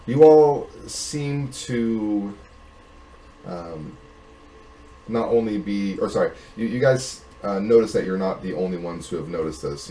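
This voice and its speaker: A man narrating as game master in a casual tabletop game, halting and full of fillers. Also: deep voice, warm tone. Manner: halting, many fillers and restarts. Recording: echoey room, faint hum.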